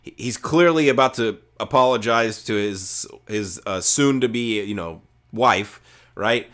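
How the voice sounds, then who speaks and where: A man's voice: fairly low pitch, a little slow, fairly bright tone. A man co-hosting a podcast, retelling movie scenes in a rambling, profane, casual way with lots of filler words. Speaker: podcast co-host. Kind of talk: casual movie review chat.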